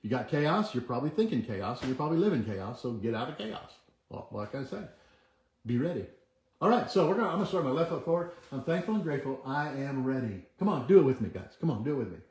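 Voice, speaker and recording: A man's voice: medium pitch, sing-song, fast, darkish tone. Earnest coaching man in an echoey room. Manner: earnest, repetitive, coaching and urging viewers to join in. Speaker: host. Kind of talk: motivational livestream talk with chanted affirmations. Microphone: camera mic, moves back from it.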